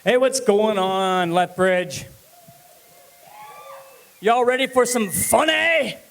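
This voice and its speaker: Man, forties, from Saskatchewan, stand-up comic, high voice, energetic, crowd-baiting. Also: slow pace, creaky, rough recording. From Saskatchewan, Canada. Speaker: stand-up comedian. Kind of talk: live stand-up comedy. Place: comedy club stage.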